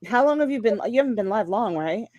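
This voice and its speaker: A woman who has just woken up, joining a livestream chat in a drowsy, soft-spoken way. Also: a little high, expressive, fast, dry recording, dull audio. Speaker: livestream guest.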